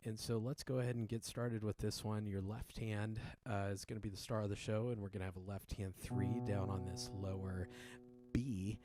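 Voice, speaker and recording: A man teaching a piano piece in a relaxed, explanatory way, with many fillers and restarts. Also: fairly low pitch, moderate pace. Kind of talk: casual spoken tutorial. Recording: piano playing loudly behind. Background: loud piano playing.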